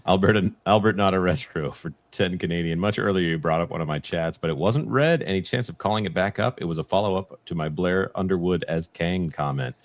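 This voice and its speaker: Deep-voiced male co-host reading chats. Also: brisk, hardly any pauses, no room sound. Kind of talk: casual livestream chat.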